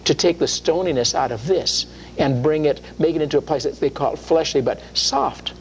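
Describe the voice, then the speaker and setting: A man's voice: a little high, moderate pace, muffled recording, slight background noise. Earnest man hosting a Christian radio talk. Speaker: host of a Christian radio program. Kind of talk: preaching-style radio talk.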